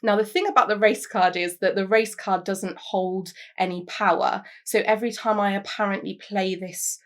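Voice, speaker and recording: Young woman, earnest, reflective, mid-pitched, speaking to camera. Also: steady tone, moderate pace, a bit bright. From London, England. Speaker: interviewee. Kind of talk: personal testimony to camera.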